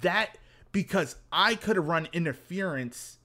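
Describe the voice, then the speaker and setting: A man chatting casually with a friend about a game, telling stories with lots of profanity and high mocking impressions of friends. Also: measured pace. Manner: animated storytelling, doing high mocking voices of friends, profane. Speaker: streamer. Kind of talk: casual chat.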